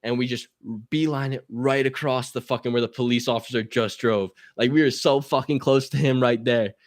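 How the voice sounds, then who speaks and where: A man's voice: mid-range voice, moderate pace, dry recording, studio quality. Profane storytelling young man. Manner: profane, animated, acts out quotes. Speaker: guest. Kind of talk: casual storytelling.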